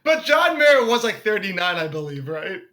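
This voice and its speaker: A young man, a comedian guest on a casual podcast, telling animated stories, swearing freely and acting out what people said. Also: high voice, normal speed. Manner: animated storyteller, swears freely, acts out quotes.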